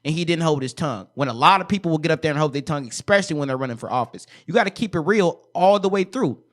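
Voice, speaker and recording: A male podcast host speaks with an encouraging, preacherly lilt. His voice sits a little above the usual pitch, and the talk stays relaxed and conversational. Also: racing. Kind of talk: casual podcast interview.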